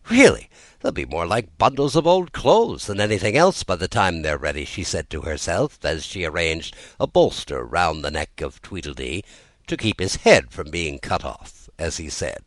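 A man reads a storybook aloud in a low voice. His narration is animated and swings widely in pitch, and the recording is dry and close. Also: dry recording. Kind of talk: storybook reading.

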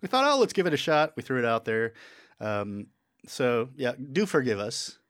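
A man's voice: medium pitch, sing-song, moderate pace, a bit bright, clear, resonant tone, dry recording, studio quality. A man co-hosting a radio podcast in casual banter, loose and joking, often restarting his sentences. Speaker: radio show co-host. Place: radio studio.

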